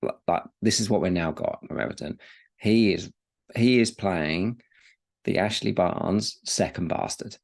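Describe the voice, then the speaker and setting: This is a man with a very deep, gravelly voice who co-hosts a casual football podcast. He rambles and repeats his words, and drops the odd swear word in easy chat. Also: measured pace. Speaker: podcast co-host.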